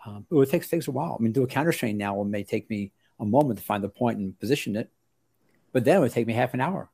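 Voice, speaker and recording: A man's voice: medium pitch, fast talker, creaky, husky. An older man, an osteopathic family doctor, telling stories in a rambling way with many restarts. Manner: rambling, with many restarts and lively acted quotes. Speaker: osteopathic family physician, interview guest. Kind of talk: relaxed storytelling in an interview.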